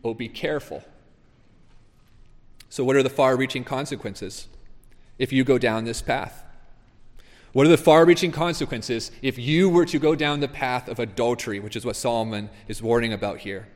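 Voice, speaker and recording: A man's voice: medium pitch, steady tone, normal speed, darkish tone. A man preaching a sermon, reading scripture aloud and pressing his points with earnest emphasis. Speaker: pastor. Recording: long reverb of a large hall.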